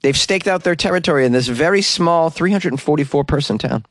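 A man's voice: on the high side, lively intonation, brisk, dry recording, studio quality. A man hosting a comedic news segment, reading stories and riffing sarcastically with asides.

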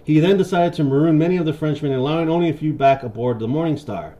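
A man's voice: a little high, quick pace, warm tone, muffled recording. A man hosting a podcast, loosely retelling a historical story in a casual, profane way. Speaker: podcast host.

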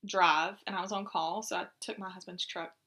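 A woman co-hosts a laid-back podcast. Her voice is bright and a little tense, with a heavy gravelly fry. She rambles through her stories with plenty of fillers. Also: lowish voice, fairly even intonation, normal speed. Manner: chatty, many fillers. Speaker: podcast co-host. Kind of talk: casual chat.

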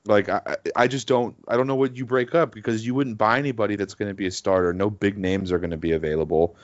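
A man's voice: on the low side, steady tone, fast talker, highs cut off. A man co-hosting a casual sports podcast, talking in a rambling, hesitant way with many fillers. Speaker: podcast co-host.

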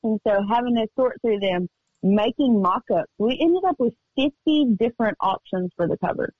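A woman singer-songwriter chatting as a guest in a radio interview, telling stories in an upbeat, quick way. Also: on the high side, lively intonation, breathy edge, no echo, muffled recording. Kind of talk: casual radio interview chat. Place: remote call from home studio.

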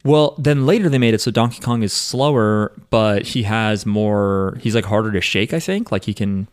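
A man's voice: lowish voice, normal speed, clean tone, no room sound, clean studio sound. A man co-hosting a casual podcast, joking around and reading listener emails aloud. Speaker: podcast co-host.

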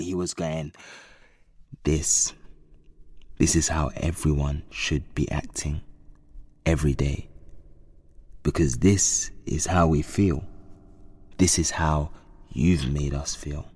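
A man's voice: deep voice, no room sound, studio quality. An actor playing a streetwise young man, musing wryly in a casual, slangy way. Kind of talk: audio drama monologue.

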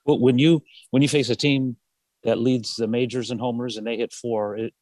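A man's voice: mid-range voice, steady tone, moderate pace, darkish tone, dry recording. A man, a reporter, asking rambling press questions with many restarts.

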